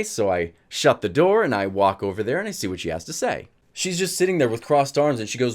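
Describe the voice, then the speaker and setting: A man telling a personal story in a casual vlog, animated and laughing often. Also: medium pitch, a little fast, hardly any pauses.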